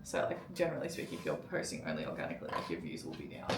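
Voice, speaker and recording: A woman's voice: a bass voice, sing-song, vocal fry. A young woman vlogging at home in casual chat, chatty and wry, with lots of "like". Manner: chatty, wry, talks fast with many likes. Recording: echoey room, far mic, loud noise.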